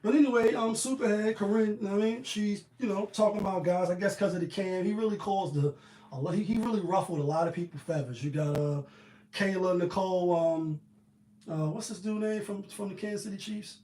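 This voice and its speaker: A man giving casual commentary on the news in a slangy, animated, riffing manner. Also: high voice, a little fast, reverberant, a little hiss or hum.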